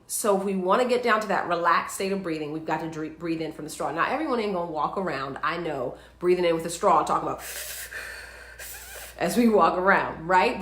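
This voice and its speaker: A woman's voice: on the low side, a bit bright, reverberant. A woman hosting a live wellness show, chatting upbeat and walking viewers through breathing exercises. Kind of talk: live-streamed instructional talk.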